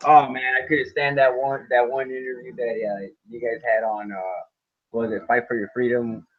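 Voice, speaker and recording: A man co-hosting a live online broadcast, talking emphatically and insistently, getting louder on the words he stresses. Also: medium pitch, level tone, normal speed, narrow, tinny audio.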